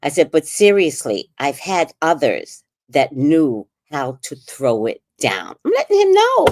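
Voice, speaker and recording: A middle-aged woman tells a personal story in an easygoing podcast chat. Her voice sits a bit low but swings widely in pitch, and she takes her time. She laughs often and acts out what others said. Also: unhurried, noisy background. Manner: animated, laughing, quotes people in put-on voices. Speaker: podcast host.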